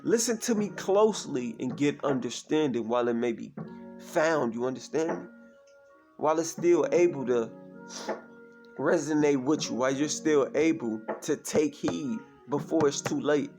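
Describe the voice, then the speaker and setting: Male preacher, fairly high voice, verse-by-verse teaching with a call-and-check refrain. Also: moderate pace, darkish tone, soft background music. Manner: repeats "you understand me?" as a refrain; reads verses aloud, then explains them. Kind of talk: scripture teaching.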